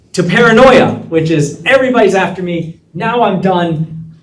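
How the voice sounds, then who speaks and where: A man telling a lively story to law students and acting out the dialogue as he goes. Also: a little high. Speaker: guest speaker. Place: lecture room. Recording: echoey room from a distance.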